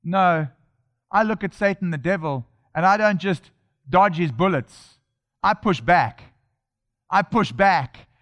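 A man's voice: high-pitched, lively intonation, takes it slowly, pauses often, fairly bright tone. A man preaching a sermon in a church, emphatic and repetitive, building his points line by line.

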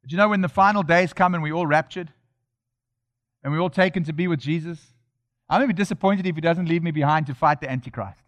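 Man preacher with a high voice, delivering an emphatic church sermon that builds through repetition. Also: fast talker.

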